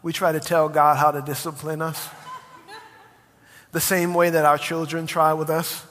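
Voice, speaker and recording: A man preaching a sermon as pastor, impassioned and rising to near-shouts when he presses a point. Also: a little high, level tone, moderate pace, big-room sound.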